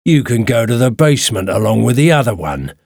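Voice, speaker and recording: A man voicing a big, rough, angry grown man in a storybook reading, with a gruff, irritated way of talking. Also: medium pitch, sing-song, fairly quick, darkish tone, no room sound, clean studio sound.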